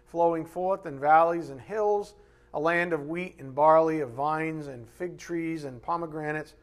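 Male pastor, slightly high voice, animated live sermon from the pulpit. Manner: animated preaching, reads scripture aloud, acts out God's voice in asides. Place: church sanctuary.

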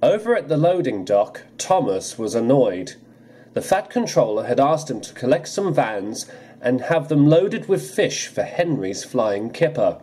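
A man narrating a children's storybook adaptation in an expressive reading style, with music underneath. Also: medium pitch, unhurried, husky.

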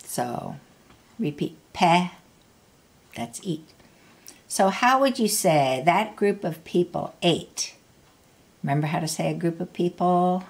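A woman's voice: fairly low pitch, lively intonation, takes it slowly, vocal fry, pauses often, breathy edge. A woman teaching a language lesson, patiently prompting the listener to repeat words and asking how to say phrases. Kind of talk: slow spoken language lesson.

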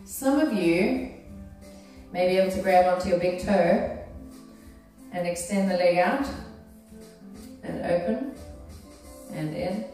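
A woman's voice: lowish voice, takes it slowly, pauses often, mellow. A woman fitness instructor guiding an exercise class, encouraging and checking in with her students as she cues each move. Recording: very echoey room from far off, faint music.

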